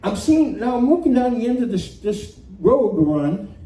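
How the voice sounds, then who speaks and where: A man telling a comic true story at a live storytelling night, animated and self-mocking, often laughing as he talks. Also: extremely high pitch, normal speed. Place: community center room. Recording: echoey room from far off, faint noise.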